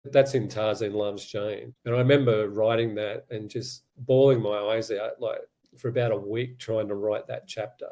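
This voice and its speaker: Mellow-voiced man telling his story. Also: lowish voice, steady tone, normal speed, hardly any pauses. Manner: earnest, candid, retells conversations in quotes. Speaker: podcast guest. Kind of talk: personal storytelling.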